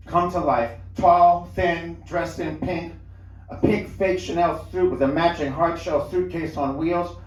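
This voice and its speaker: Man telling a story in a roomy lounge. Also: a little high. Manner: conversational storytelling with small restarts. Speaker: reader. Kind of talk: live reading of a first-person story. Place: cabaret lounge, live show. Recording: roomy lounge, mic at a distance.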